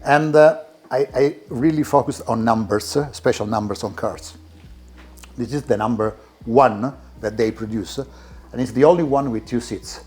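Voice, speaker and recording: Husky man with an Italian accent. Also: mid-range voice, a little mellow. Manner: halting English with many restarts, enthusiastic about cars. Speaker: car collector giving a tour. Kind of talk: casual interview while walking a car collection. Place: indoor garage.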